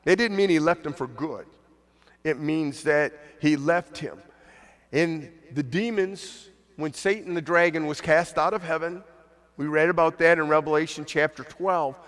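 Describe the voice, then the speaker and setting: A man preaching a sermon in a relaxed, conversational way, his voice sitting a little high for a man. He acts out the voices of the people he quotes. The sound rings with long reverb from a church hall. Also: unhurried. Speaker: pastor.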